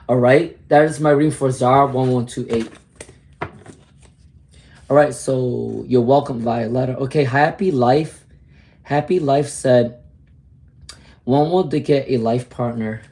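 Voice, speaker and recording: A man's voice: on the high side, darkish tone. A man with a New York accent giving an upbeat, encouraging live tarot reading and answering viewers' questions. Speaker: tarot reader.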